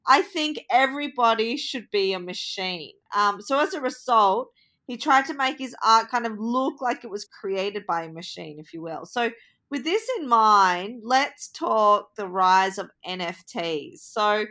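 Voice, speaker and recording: Female interviewer, bright tone, friendly, laughs easily. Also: mid-range voice, a little slow. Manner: friendly, laughs often, hesitant fillers. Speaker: interviewer host. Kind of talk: interview conversation.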